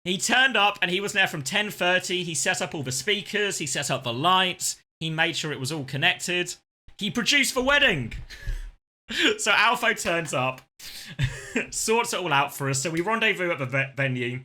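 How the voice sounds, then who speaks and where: A man's voice: sits high, animated, normal speed, bright, forceful tone. A man streaming, telling a casual story with lots of laughter and the odd swear word.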